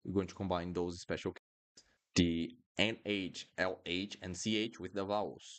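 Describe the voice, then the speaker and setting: A man's voice: deep voice, steady tone, measured pace. A man with a Brazilian accent, a native Portuguese speaker, teaching pronunciation in a live online lesson and patiently repeating words for drills.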